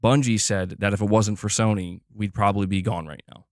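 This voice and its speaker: A man's voice: on the low side, steady tone, a little fast, no echo, clean studio sound. A man giving blunt, opinionated commentary on gaming news, emphatic and repeating himself as he pushes his point.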